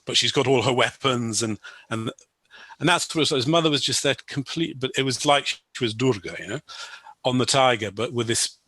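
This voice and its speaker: Male guest, crisp dry voice, meandering anecdote full of restarts. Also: medium pitch, normal speed, bright, forceful tone, no echo. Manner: rambling, full of "you know" and restarts. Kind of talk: personal storytelling.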